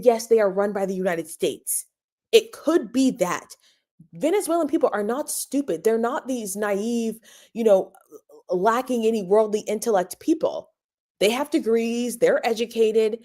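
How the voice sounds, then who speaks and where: A woman's voice: fairly high pitch, dark tone. A woman hosting a podcast, giving opinionated commentary and stressing points by repeating them. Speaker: podcast host.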